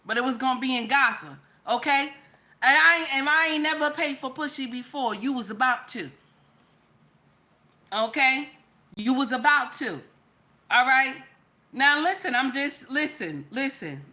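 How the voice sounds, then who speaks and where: A woman's voice: high voice, lively intonation, moderate pace, bright, forceful tone. A young woman hosting a casual live-stream talk show, sassy and chatty, calling her viewers baby and honey. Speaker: podcast host.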